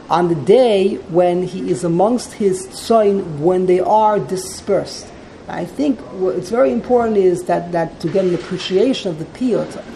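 Woman teaching with a gravelly voice. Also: mid-range voice, dark tone, a little hiss or hum, poor audio. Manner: explanatory, translates line by line, digresses. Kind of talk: text study class.

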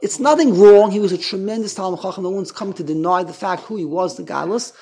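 Here a man gives a casual Torah lecture to a small group, his high voice quick, mellow, and edged with breathiness. He rambles and cuts himself off, restarting his sentences again and again.

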